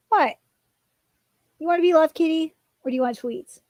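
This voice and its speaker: A woman's voice: extremely high pitch, moderate pace, long pauses, darkish tone, dry recording. A woman streaming casually, rambling with many fillers and cooing at her cat in baby talk. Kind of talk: casual live-stream chat.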